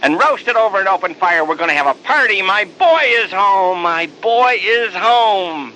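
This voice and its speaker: A man voicing a loving older father who speaks to his son softly and tenderly, with halting repeats. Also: on the low side, expressive, a little hiss or hum, voice pushed down, exaggerated voice, low-quality recording. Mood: overjoyed.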